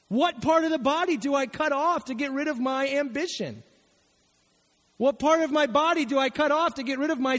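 A man preaching a sermon as pastor, animated and acting out the voices he quotes. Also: very high voice, in a large hall.

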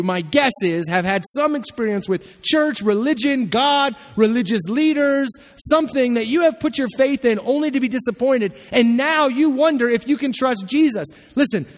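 High-voiced preacher in a reverberant hall. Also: male voice. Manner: animated storytelling, acting out voices. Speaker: pastor. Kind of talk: sermon.

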